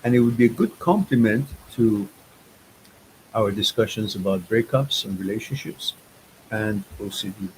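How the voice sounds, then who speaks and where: A man's voice: fairly low pitch, expressive, moderate pace, slight background noise, low-quality recording. A man hosting a live chat stream, talking in a loose, rambling and informal way with hesitant restarts.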